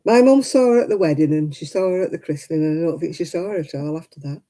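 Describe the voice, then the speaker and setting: Older woman, very mellow dark tone, host telling rambling stories at a craft stream. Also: sits low, fast talker, low-quality recording. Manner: chatty, rambling anecdotes with frequent "you know" asides. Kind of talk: casual storytelling chat.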